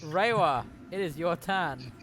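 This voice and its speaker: A man's voice: a little high, lively intonation, slow pace, fairly bright tone, soft background music. Rambling man running a tabletop game. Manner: rambling, chatty, self-correcting. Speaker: game master. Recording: noisy recording.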